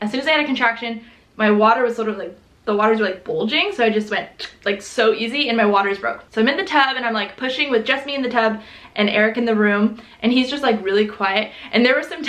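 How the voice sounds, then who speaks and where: A young woman casually telling her birth story to the camera, animated, laughing often and acting out what people said in high voices. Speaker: vlogger. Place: home room. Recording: echoey room.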